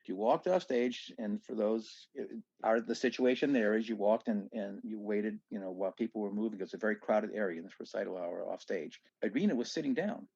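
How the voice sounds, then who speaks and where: A man from southeast Louisiana, a guest on a podcast, telling stories in an animated way with many restarts and asides. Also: on the low side, a little fast, husky, dry recording, lo-fi sound. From southeast Louisiana, USA. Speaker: guest musician. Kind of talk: storytelling in a casual podcast chat.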